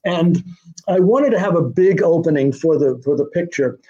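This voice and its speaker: An older male screenwriter recalling his work in a relaxed interview, rambling with many fillers and restarts. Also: on the high side, normal speed, slightly rough. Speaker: screenwriter and producer guest. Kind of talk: conversational interview storytelling. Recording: muffled lo-fi audio.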